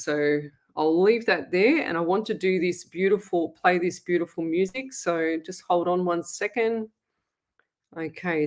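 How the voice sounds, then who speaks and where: A middle-aged Australian woman hosting a live psychic stream, who chats in a rambling way and then leads a slow, soothing guided meditation. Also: medium pitch. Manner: slow, soothing, repetitive guidance; chatty, rambling self-explanation. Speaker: psychic medium host. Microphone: webcam on a live stream. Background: soft meditation music.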